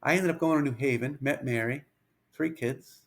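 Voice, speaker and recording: At a normal speed, a pitching coach in his fifties tells a story during an interview. He's lively and anecdotal, acting out bits of dialogue.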